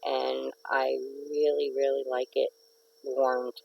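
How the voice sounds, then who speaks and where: A woman's voice: a bass voice, level tone, takes it slowly, vocal fry, dull audio. A middle-aged woman hosting a casual live stream from home, chatting and rambling to viewers and greeting commenters by name. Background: neighbor's dog barking.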